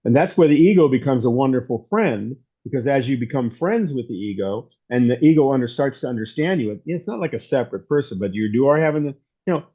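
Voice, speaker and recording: A man's voice: medium pitch, expressive, quick pace, warm tone. A man giving an informal, rambling sermon as a pastor, telling stories in a conversational way. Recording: dull lo-fi recording.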